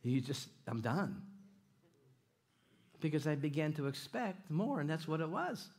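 A man preaching a church sermon, animated and jokey, often repeating his phrases and questioning the congregation. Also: fairly high pitch, a little slow. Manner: animated, jokey, repeats himself, audience call-outs. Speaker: guest preacher. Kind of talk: sermon with stories and jokes. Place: church sanctuary.

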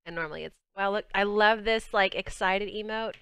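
A woman's voice: medium pitch, moderate pace, a bit bright, smooth, no room sound. A young woman with a Southern US accent hosting a game livestream, chatting casually and bubbly with viewers as she plays. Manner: chatty, bubbly, talks to chat while playing. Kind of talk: casual game stream chat.

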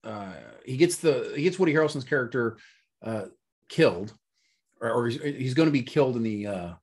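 A man's voice: medium pitch, lively intonation, normal speed, a little mellow, husky. A man co-hosting a casual movie review chat, rambling and searching for words with lots of fillers. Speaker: podcast co-host.

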